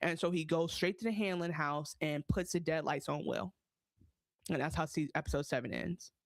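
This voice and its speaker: A woman's voice: low-pitched, moderate pace, dry recording. A woman co-hosting a podcast, chatting casually and animatedly about a TV season, often acting out the characters' lines. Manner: animated, acts out quoted lines in voices. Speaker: podcast co-host. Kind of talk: casual recap chat.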